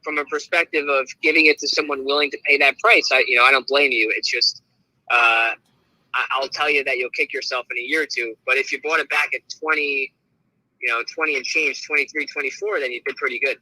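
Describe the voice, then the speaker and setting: A male guest trader who lays out his reasoning step by step, measured and steady, with plenty of "uh" and "you know" along the way. His voice sits at a middling pitch and sounds dry, with no room echo. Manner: measured, explanatory, with hedging fillers. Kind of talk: casual interview chat.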